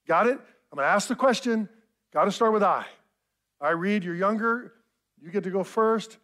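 A man in his fifties preaching a sermon, telling a family story in an animated, self-mocking way. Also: sits high, moderate pace. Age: 50s. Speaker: pastor.

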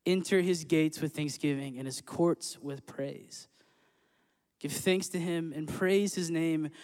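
A man's voice: fairly high pitch, a little mellow. A man speaking as a church worship leader, upbeat and joking, then earnestly reading scripture. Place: church sanctuary. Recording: echoey church hall with long reverb.

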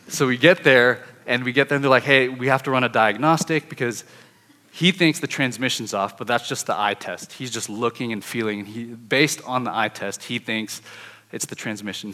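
A man's voice: mid-range voice, brisk. Young man telling a story in a hall. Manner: lively, animated, acts out his inner thoughts. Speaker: speaker telling a testimony. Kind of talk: sermon-style storytelling.

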